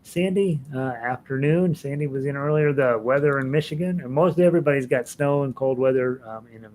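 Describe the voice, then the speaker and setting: A man's voice: medium pitch, fairly quick, darkish tone. A middle-aged man hosting an online ukulele class, reading viewer comments in a rambling, chatty way with fillers and restarts. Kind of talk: casual live-stream chat reading viewer comments.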